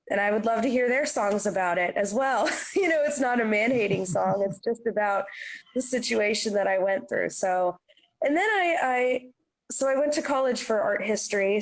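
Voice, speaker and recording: A young adult woman, a singer-songwriter, chatting in an interview and acting out the people in her stories. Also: medium pitch. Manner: animated storyteller, acts out quotes. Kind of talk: casual interview chat.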